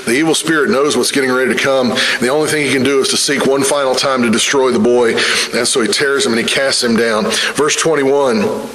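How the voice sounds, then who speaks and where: A male preacher delivers his sermon with fervent conviction, hammering each point home through repetition. His voice sits at a middle pitch and rings out in an echoey church room. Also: fairly even intonation, fairly quick, a bit bright. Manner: fervent preaching with repeated phrases.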